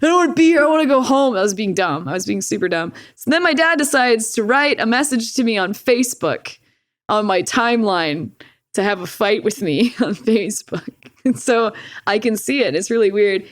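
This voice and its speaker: A woman's voice: mid-range voice, expressive, moderate pace, no room sound, studio quality. A young woman, a podcast guest, telling a personal story in casual talk, swearing freely and laughing often.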